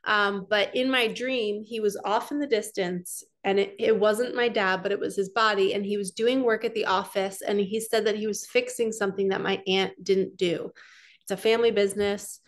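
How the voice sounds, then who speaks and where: A woman in a middle-pitched voice talks viewers through an oracle card reading. She is earnest and chatty, and she wanders a bit as she speaks straight to the audience. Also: steady tone, normal speed. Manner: earnest, chatty and rambling, addressing viewers directly. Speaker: spiritual coach doing card readings.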